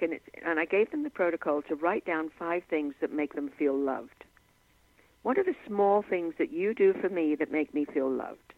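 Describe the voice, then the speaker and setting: Woman guest speaking over a tinny phone line, dry sound, lively storyteller. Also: lowish voice, dry recording. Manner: animated storyteller who acts out quotes. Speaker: clinical hypnotist guest. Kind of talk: conversational interview, telling client stories. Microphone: telephone.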